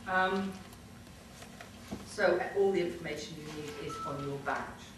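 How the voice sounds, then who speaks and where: A woman's voice: on the low side, measured pace. A woman hosting a convention, making informal announcements and presenting awards from a stage in a large hall. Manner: informal, loosely structured announcing. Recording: echoey hall from far off, noisy.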